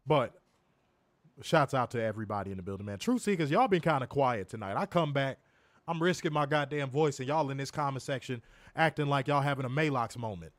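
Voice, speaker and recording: A man co-hosting a casual live stream, talking loudly and profanely and teasing his viewers. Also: mid-range voice, expressive, fairly quick, no room sound. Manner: loud, profane, teasing banter addressing viewers. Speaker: co-host of a wrestling review stream.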